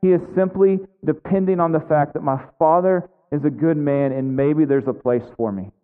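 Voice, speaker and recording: A pastor with a clear, resonant voice preaches a conversational sermon at a moderate pace, dropping in frequent "right?" asides. He acts out the lines of biblical characters, shifting his pitch for each. The recording sounds like an echoey hall heard over a thin, phone-like line.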